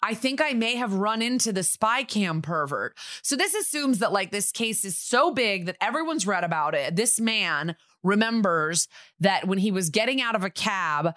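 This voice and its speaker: A woman co-hosting a podcast, casually recapping a TV episode with irreverent asides and quick impressions. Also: medium pitch, a bit bright, dry recording, studio quality. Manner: chatty, irreverent, acts out lines from the episode. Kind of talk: casual chat.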